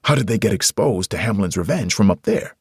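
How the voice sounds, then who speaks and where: A man's voice: on the low side, animated, fairly quick, creaky, a little mellow, breathy edge, dry recording, clean studio sound, heavily acted. Man voicing a blunt, level-headed survivor. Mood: tense.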